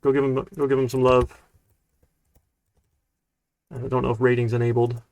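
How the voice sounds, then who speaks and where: A man, a college programming instructor, giving a casual live-streamed lecture in a relaxed, rambling way with lots of fillers. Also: mid-range voice, moderate pace, no room sound.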